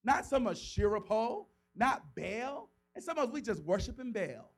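High-voiced preacher man, dramatic. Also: sing-song, normal speed, poor audio. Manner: preaching with dramatic voiced quotes, rising to shouts. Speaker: pastor. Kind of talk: sermon.

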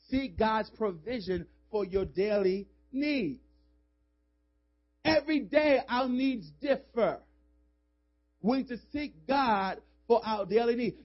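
A male pastor preaching a sermon in a church, urging the congregation with emphatic calls and slipping into casual, joking asides. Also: sits high. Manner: emphatic, call-and-response urging. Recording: dull lo-fi sermon audio.

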